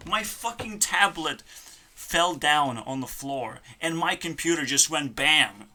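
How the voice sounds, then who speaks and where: A channel host at a home computer desk, delivering a frustrated rant full of swearing that swings between loud outbursts and quiet muttering. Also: medium pitch, sing-song, a little slow, slight background noise. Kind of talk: ranting vlog.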